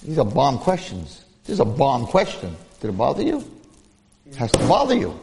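A man giving a lively Torah class, storytelling and asking rhetorical questions while acting out the people he quotes. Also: medium pitch, normal speed, vocal fry, noisy background. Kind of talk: animated Torah lecture with storytelling. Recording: long hall reverb.

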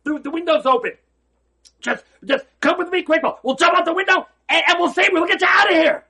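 A man voicing an eager little male space alien in a hushed, stammering rush, as part of a storytelling lesson. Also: very high-pitched, brisk, voice pushed up. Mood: urgent. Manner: urgent stammering whisper-plea.

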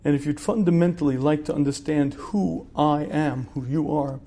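A man's voice: on the high side, steady tone, normal speed, dark tone. Conversational man teaching with rhetorical questions. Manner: conversational, rhetorical questions, clears throat often. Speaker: religious teacher. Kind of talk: lecture.

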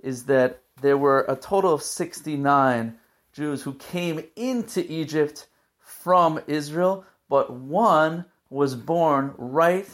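A man's voice: fairly high pitch, slow. A man giving a weekly Torah portion talk as a teacher, telling the story in an earnest, emotional way.

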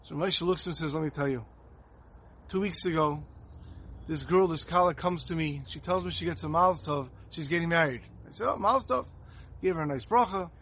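A man giving a Torah talk as a sermon, telling a story in an earnest, animated way. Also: fairly high pitch, a little fast, breathy edge.

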